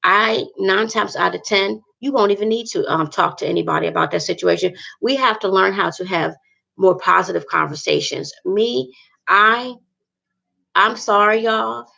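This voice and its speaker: Gravelly-voiced woman talking about faith. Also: medium pitch, normal speed, bright, forceful tone, lo-fi sound. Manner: earnest, rambling, repeats herself. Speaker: vlogger. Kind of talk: casual talk to viewers about faith.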